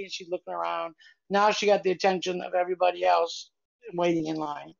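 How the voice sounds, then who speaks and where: Gravelly-voiced older woman telling stories. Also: lowish voice, flat delivery, brisk, highs cut off. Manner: chatty, meandering, with frequent restarts. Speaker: podcast co-host. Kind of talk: casual storytelling chat.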